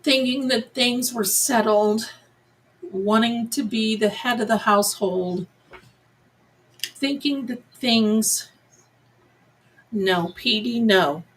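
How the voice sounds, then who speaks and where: Woman tarot host, unhurried and musing, addresses viewers and pets as she goes. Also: on the high side, a little hiss or hum, rough recording. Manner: slow, musing, talks to viewers and her cats. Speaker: psychic medium livestream host. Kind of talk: live tarot reading chat.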